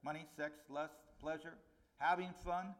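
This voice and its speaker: A middle-aged man preaching a conversational sermon, his voice rising on key points and dropping low on warnings. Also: fairly even intonation, a little slow, fairly bright tone. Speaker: pastor.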